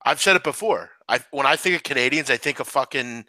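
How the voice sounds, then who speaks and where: A man's voice: medium pitch, fast talker, bright, forceful tone, no room sound, rough recording. A man co-hosting a live sports betting chat, swearing freely and teasing his co-host.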